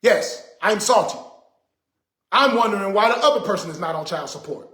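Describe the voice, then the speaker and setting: A man's voice: sits high, lively intonation, moderate pace, pushed and bright, echoey room. A man hosting a casual livestream, talking to viewers in an emphatic, repetitive, indignant way. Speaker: livestream host.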